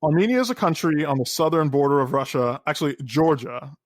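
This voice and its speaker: Male podcast co-host, slightly high voice, dead-dry studio sound, casual profane ramble. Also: fairly quick, no room sound. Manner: rambling, profane, lots of fillers. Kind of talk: casual political chat.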